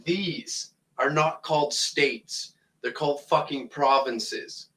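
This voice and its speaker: A man's voice: on the high side, takes it slowly, sharp tone, low-quality recording. Foul-mouthed Canadian man ranting. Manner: angry, swearing constantly, blunt and mocking. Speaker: comedic ranter. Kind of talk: profane comedic rant to camera.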